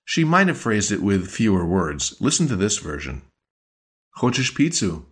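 Male teacher, husky low voice, measured scripted lesson delivery. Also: big pitch swings. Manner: measured, explanatory. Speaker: language teacher.

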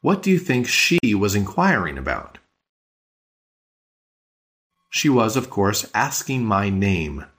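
A man teaching a podcast language lesson, patient and explanatory, slowing down on key words. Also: lowish voice, big pitch swings, fairly bright tone.

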